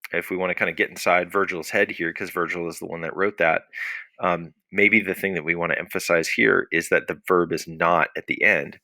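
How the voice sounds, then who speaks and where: A man teaches a recorded Latin lesson in a very low voice with a bright, forward edge. He explains patiently, often asks a question and answers it himself. The sound is close and dry. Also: gravelly, dry recording.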